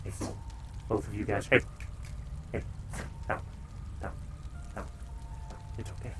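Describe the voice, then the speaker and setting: A relaxed man with a fairly low voice chats casually to his stream viewers at home, sometimes telling his dogs to calm down. The recording is noisy, with dogs and household sounds behind him. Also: unhurried. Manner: laid-back, talks to chat and scolds his dogs. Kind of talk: casual live-stream chat.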